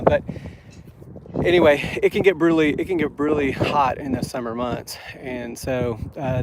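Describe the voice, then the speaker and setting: A man from Florida giving a chatty walking tour outdoors in the cold, out of breath from climbing a hill, with many fillers and restarts. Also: mid-range voice. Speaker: travel vlogger and guide. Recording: noisy outdoor camera audio.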